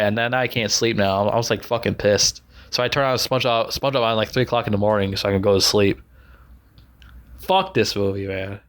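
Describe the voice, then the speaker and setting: A man's voice: medium pitch, fairly quick. A man giving an angry, profane movie review rant, sarcastic, swearing constantly and repeating himself.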